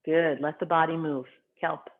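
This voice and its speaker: Calm qigong instructor, tinny phone-like sound. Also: medium pitch, normal speed. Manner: calm, short spoken cues paced to the breath. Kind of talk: guided qigong class instruction.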